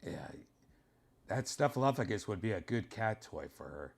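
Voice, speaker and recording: A man's voice: on the low side, lively intonation, normal speed, creaky. A man hosting a casual home vlog, rambling in a laid-back way while showing his cats in a room at home. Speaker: host showing his pets.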